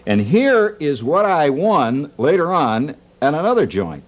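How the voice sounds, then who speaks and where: Wry lively-voiced talk show host. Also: male voice, on the high side, unhurried. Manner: jokey, wry, laughs at his own jokes. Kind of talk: comic monologue.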